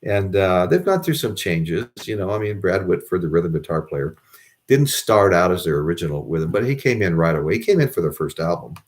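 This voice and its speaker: A man's voice: low voice, expressive, fairly quick. An American man, middle-aged, chatting casually to his viewers in a rambling way with many restarts. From United States. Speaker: vlogger. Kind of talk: casual chat to camera.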